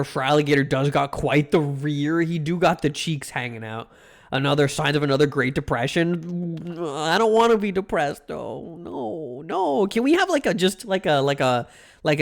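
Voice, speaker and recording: A man live streaming, chatting casually and playfully with crude jokes and sudden jumps in pitch. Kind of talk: casual chat.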